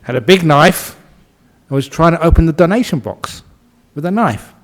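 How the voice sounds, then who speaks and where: A man who is a Buddhist monk giving a relaxed, humorous dharma talk and telling a story, often laughing. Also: on the high side, moderate pace.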